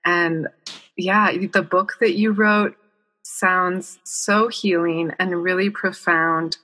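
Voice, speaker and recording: A woman hosting a podcast interview, her voice sitting a little low. She talks in an effusive, gushing way, full of praise and soft asides. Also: steady tone, slow. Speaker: podcast host.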